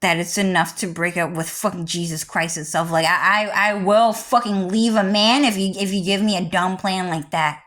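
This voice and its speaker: Woman vlogger, erratic profane ranter, loud bursts then muttering asides. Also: fairly low pitch, fairly even intonation, normal speed, hardly any pauses. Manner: heavily profane, rambling and erratic, swinging between loud and muttered. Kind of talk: rambling livestream rant.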